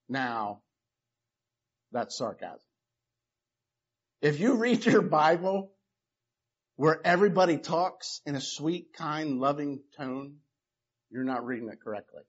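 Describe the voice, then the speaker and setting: A man's voice: a little high, expressive, measured pace, long pauses, lo-fi sound. A man preaching a sermon, moving between emphatic declarations and casual conversational asides. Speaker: pastor.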